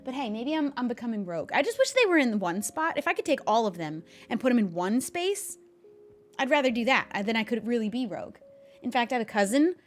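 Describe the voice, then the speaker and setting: A young woman hosting her own gaming stream with a chatty, rambling delivery. Her voice sits fairly high and she talks in an animated way. Faint music plays behind her. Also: fast talker. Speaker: streamer host. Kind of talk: casual chat.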